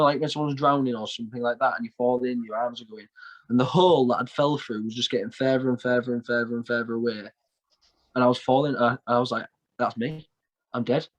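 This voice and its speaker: Speaking with a North East English accent, this guest is a man in his twenties from north east England and a shamanic practitioner. He shares his story in a casual interview, rambling with plenty of fillers and repeated words. His pitch is medium, and the recording is rough.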